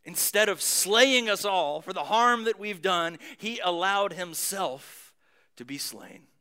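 A man preaching a sermon, moving between booming emphasis and hushed near-whispers, with casual conversational asides. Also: takes it slowly, clean tone. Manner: conversational asides with light humor. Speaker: pastor.

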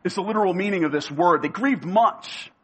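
A male preacher giving a sermon. He speaks emphatically, repeats key phrases and slows down to give them weight. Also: high voice, breathy edge.

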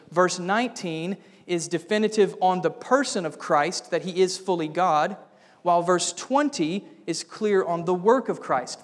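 A man preaching a sermon as pastor, building to bold, emphatic declarations. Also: fairly high pitch. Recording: long reverb of a church hall.

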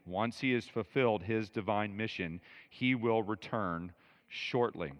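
A man's voice: fairly low pitch, a little slow, big-room sound, lo-fi sound. A man preaching a verse-by-verse sermon, talking conversationally and with emphasis, with asides to his listeners. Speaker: pastor. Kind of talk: expository sermon.

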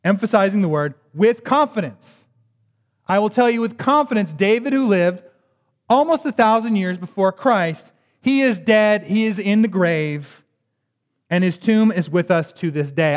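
A man's voice: on the high side, a little mellow. A man preaching a sermon, reading scripture and explaining it in a conversational, emphatic way with joking asides. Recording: reverberant hall.

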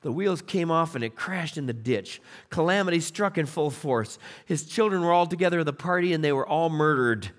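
Animated man preaching a sermon. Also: on the high side, a little fast, hardly any pauses. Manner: animated storytelling, acting out biblical voices. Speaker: pastor.

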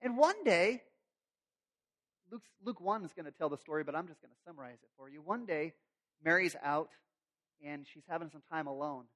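A man's voice: a little high, quick pace, bright, forceful tone. A male pastor preaching a sermon in a conversational, storytelling way with humorous asides.

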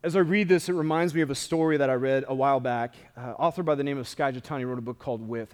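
A man preaching a sermon as pastor, moving from scripture reading into a conversational, animated talk with asides. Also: a little high, big-room sound.

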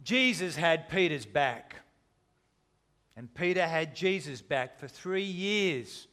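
A man's voice: fairly high pitch, expressive, slow. A man preaching a sermon, retelling a story with dramatic, shifting intensity. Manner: dramatic, shifting between loud and hushed.

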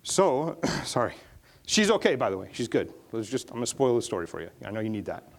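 A man's voice: medium pitch, very animated, fairly quick. A middle-aged male pastor telling a war story in a conversational sermon, building to impassioned preaching.

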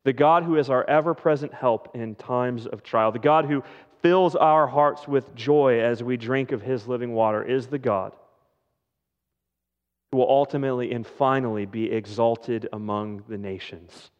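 A man preaching a sermon as pastor, speaking in a slow, measured way with dramatic pauses. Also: mid-range voice. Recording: dull lo-fi sound with long hall reverb.

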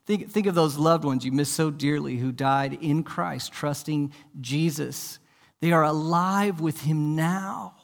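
A male pastor preaching a sermon, asking rhetorical questions and repeating words as he starts his sentences, swinging from soft and low to loud and emphatic. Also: measured pace, vocal fry, long reverb tail. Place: church.

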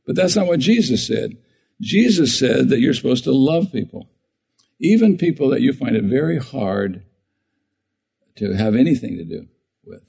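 A man's voice: mid-range voice, vocal fry, warm tone, slightly rough, rough recording. A man preaching a sermon in a conversational way, often asking the congregation questions. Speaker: pastor.

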